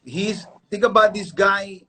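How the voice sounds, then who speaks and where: A man hosting a live-stream chat as a dog breeder, telling stories in an emphatic, animated way. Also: high-pitched, measured pace.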